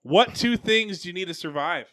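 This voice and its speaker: A man's voice: high-pitched, lively intonation, moderate pace, fairly bright tone. A man co-hosting a casual podcast, joking, laughing often and quizzing his guests. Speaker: podcast co-host. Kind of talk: casual chat. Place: home garage.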